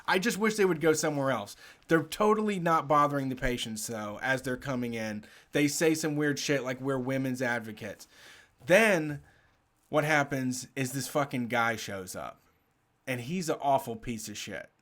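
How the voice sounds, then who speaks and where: A man's voice: mid-range voice, moderate pace. A man on a casual talk show, telling a story with lots of swearing, laughing through parts of it. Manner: animated, profane, laughs while telling. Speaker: podcast host telling a story.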